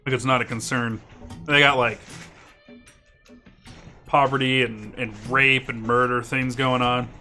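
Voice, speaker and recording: A man's voice: mid-range voice, little pitch movement, measured pace, pauses often, bright, forceful tone, soft background music. A man hosting a co-op gaming stream, rambling through stories in casual chat, swearing freely and laughing as he goes. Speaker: gaming channel host. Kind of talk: casual chat over co-op gameplay.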